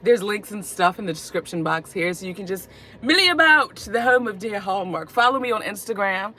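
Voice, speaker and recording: A young woman hosting her own movie review channel, talking in an animated, playful, chatty way and stretching words for emphasis. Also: mid-range voice, a little fast, a little hiss or hum.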